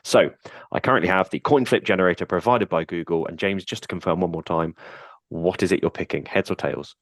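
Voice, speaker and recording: Deep-voiced man, dry close sound. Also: a little fast, dry recording. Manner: steady, explanatory, detailed. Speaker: co-host. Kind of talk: casual podcast chat. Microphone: headphones, remote call.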